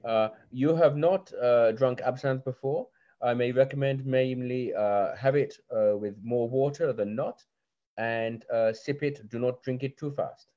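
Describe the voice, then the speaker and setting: A man's voice: medium pitch, pitched above the performer's own voice, lightly acted. A man voicing a tall, winged fae waitress who speaks with polite, formal courtesy, heard over a lo-fi video call. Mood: courteous. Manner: politely formal, unhurried hostess.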